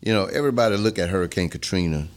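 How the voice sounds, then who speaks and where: A middle-aged man with a very low voice. He is a former police chief telling his story earnestly in an interview, dropping to a low hush at heavy moments. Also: animated, racing. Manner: earnest, reflective, drops to a low hush when emotional.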